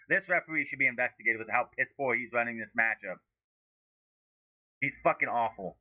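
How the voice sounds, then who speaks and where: A man giving live fan commentary during a watch-along, ranting profanely with sudden high-pitched outbursts at the referee. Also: moderate pace, pushed and bright, no room sound, lo-fi sound.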